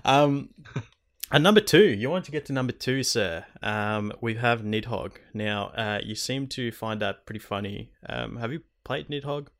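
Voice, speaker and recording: A man's voice: mid-range voice, lively intonation, unhurried, a bit bright. A young man co-hosting a gaming podcast, joking and reacting casually with plenty of swearing. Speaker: podcast co-host.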